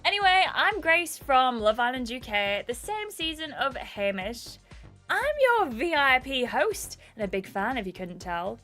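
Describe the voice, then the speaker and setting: A woman reading game dialogue aloud as a bubbly, starstruck young female VIP host with gushing, excitable fangirl chatter. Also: sits high, a little slow, soft background music, heavily acted.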